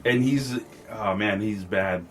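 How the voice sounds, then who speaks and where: Man, podcast co-host, lower voice, excited, profane, casual film review chat. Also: takes it slowly, faint music behind. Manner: excited, profane, retells scenes.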